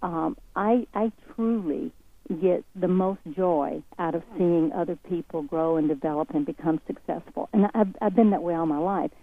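Speaking with a Southern accent, a woman appears as an interview guest, giving motivational talk in a folksy, earnest, encouraging manner. Her voice is lowish and creaky and her pace moderate, carried over a tinny phone line with no room sound.

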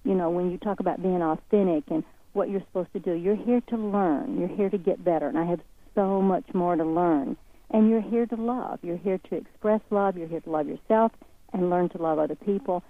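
A woman's voice: fairly low pitch, fairly quick. A woman with a Southern accent, a guest speaking in an interview in a folksy, earnest, encouraging way. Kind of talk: motivational interview talk. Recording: tinny phone line.

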